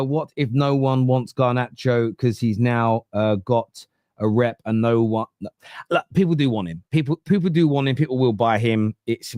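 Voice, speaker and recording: London-accented man, mid-pitched, dry sound, swearing, animated, acting out quotes. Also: no room sound. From East London. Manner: animated storyteller, swears freely, acts out quotes. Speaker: podcast host. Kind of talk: casual football podcast chat.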